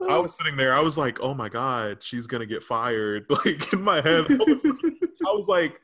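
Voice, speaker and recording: Young male co-host, casual, profane, animated storyteller with a mid-pitched voice. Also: normal speed. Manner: animated storytelling, swears freely, laughs often. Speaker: podcast co-host. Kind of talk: casual chat.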